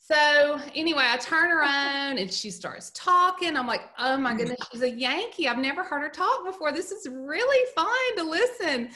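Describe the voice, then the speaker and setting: A middle-aged woman with a Southern US accent co-hosts a podcast, chatting casually, telling stories, and laughing often. Her high voice is expressive, bright, and forceful, moving at a moderate pace with hardly any pauses.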